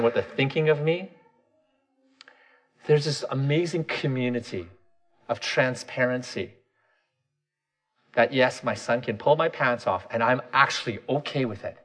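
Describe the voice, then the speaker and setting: A man's voice: medium pitch, a bit bright. A man in his thirties giving a candid, self-deprecating personal talk, often restarting his sentences.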